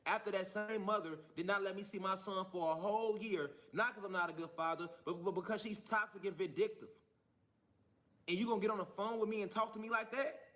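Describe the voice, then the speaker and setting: Heated man ranting in a high, bright voice. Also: a little fast. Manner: heated, profane, defiant ranting. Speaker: man telling his own story in a clip. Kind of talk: angry monologue.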